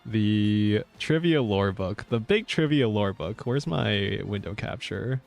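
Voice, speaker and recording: A man's voice: on the low side, lively intonation, slow, vocal fry, faint music behind. A male VTuber chatting casually while streaming a game, rambling with lots of fillers and easy laughs. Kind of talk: casual gaming stream chat.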